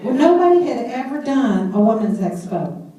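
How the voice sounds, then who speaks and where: A woman's voice: on the high side, moderate pace, distant mic, some chatter behind. Woman telling her story in an echoey hall. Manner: animated storyteller who laughs at herself. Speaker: speaker sharing her story. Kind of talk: personal testimony speech.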